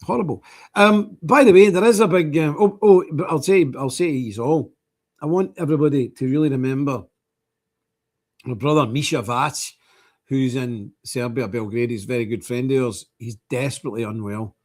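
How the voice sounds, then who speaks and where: A man's voice: mid-range voice, moderate pace. A man in his sixties with a Northern Irish accent, hosting a livestream in a rambling monologue that keeps repeating phrases. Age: 60s. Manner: rambling and repetitive, restating phrases. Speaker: livestream host.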